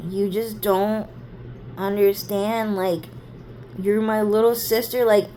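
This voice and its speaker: A woman's voice: medium pitch, level tone, takes it slowly, mellow, a little hiss or hum, close to an everyday voice. A woman voicing her older sister, an emotional young woman who keeps saying "like". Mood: pleading. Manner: emotional, repeats "like" constantly. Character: woman's older sister, volatile, harsh then tearfully loving.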